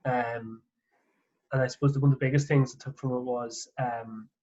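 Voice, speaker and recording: Male golf coach hosting a casual chat, halting and filler-heavy, average pitch, dull low-fidelity sound. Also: little pitch movement, mellow. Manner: hesitant, filler-heavy speech with many likes. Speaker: golf coach and podcast host.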